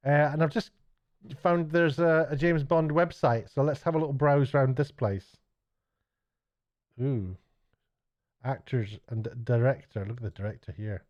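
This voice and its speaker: A middle-aged man talks in a mid-pitched voice with a chatty, self-mocking ramble. He trips over restarts as he muses aloud. The sound is dull and lo-fi. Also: moderate pace, long pauses, darkish tone. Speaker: YouTuber and TV director. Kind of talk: rambling late-night vlog.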